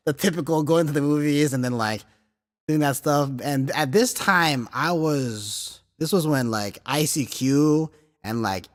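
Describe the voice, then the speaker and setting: Animated, swearing podcast host man. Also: mid-range voice, in a large hall. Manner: animated and profane, heavy filler words, laughing through stories. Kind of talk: casual storytelling chat.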